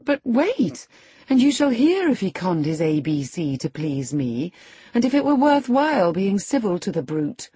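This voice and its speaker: A woman's voice: mid-range voice, measured pace, husky, no room sound, heavily acted. A woman reading as a proud, teasing young lady. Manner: lively, scornful storytelling.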